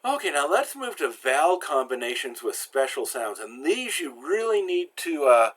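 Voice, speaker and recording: A man giving a slow, patient pronunciation lesson, with frequent fillers and restarts. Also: a little high, big pitch swings, fairly bright tone. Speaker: language teacher.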